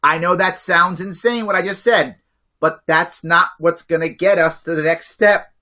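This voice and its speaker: Emphatic man with a high, bright voice. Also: fairly even intonation, moderate pace. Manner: emphatic, repetitive, pleading with his audience. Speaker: livestream host. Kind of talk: impassioned political pep talk.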